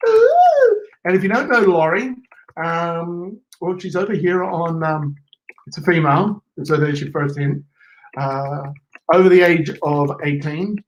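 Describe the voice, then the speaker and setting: A man's voice: a little high, a little slow, dull audio. A man co-hosting a giveaway livestream, joking and playful in casual chat. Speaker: co-host.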